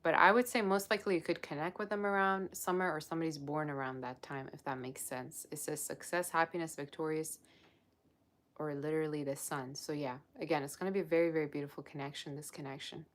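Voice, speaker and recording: A woman with a notably low voice hosts a live-streamed tarot reading. She talks in a chatty, effusive way and gushes over the cards as she reads them. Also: fairly even intonation, fast talker, fairly bright tone. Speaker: tarot reader.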